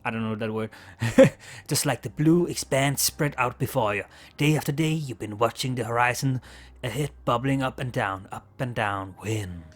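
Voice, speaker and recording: A man's voice: mid-range voice, moderate pace. A man casually playing a text adventure game aloud, stumbling over words, laughing and swearing as he reads. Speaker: game player reading aloud. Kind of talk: casual let's-play narration.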